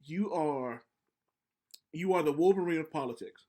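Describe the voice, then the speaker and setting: Young male podcast co-host, casual and profane, slightly high voice, animated storyteller. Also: moderate pace.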